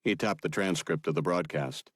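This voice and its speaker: A man narrating an audiobook in a steady, measured manner. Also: low voice, dry recording, studio quality.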